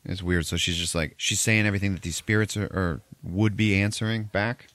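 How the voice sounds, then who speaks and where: A man's voice: low-pitched, fairly even intonation, fairly quick, a bit bright, no room sound. A man hosting a podcast, recapping a movie in a loose, profane, rambling way with frequent laughs. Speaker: podcast host.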